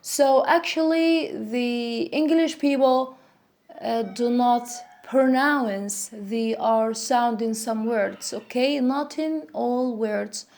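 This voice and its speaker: A woman who is a native Arabic speaker, teaching an English pronunciation lesson and repeating example words slowly to demonstrate sounds. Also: on the high side, darkish tone. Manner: slow, repetitive, demonstrating sounds.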